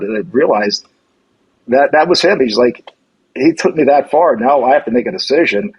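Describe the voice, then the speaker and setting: A man's voice: mid-range voice, brisk, a little hiss or hum, rough recording. A middle-aged man, a guest on a podcast, casually telling stories and acting out what others said, with lots of restarts. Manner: animated storyteller acting out quoted lines, many restarts. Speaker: former hockey general manager, guest. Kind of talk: casual chat, storytelling.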